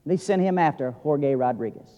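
A male pastor preaches earnestly in a notably high voice, swinging from loud emphasis to hushed intensity. His sermon carries a long reverb through a large hall. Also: lively intonation, normal speed, muffled recording.

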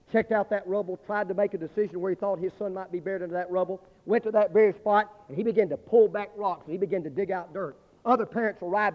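A man preaching a sermon, telling a story dramatically and swinging from loud to hushed. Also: sits high. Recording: dull lo-fi recording with long hall reverb.

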